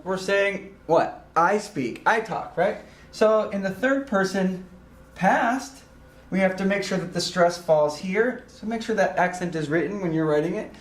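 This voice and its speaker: A man teaching a recorded grammar lesson, explaining slowly and deliberately with frequent ums and uhs. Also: sits high, reverberant. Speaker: Spanish teacher.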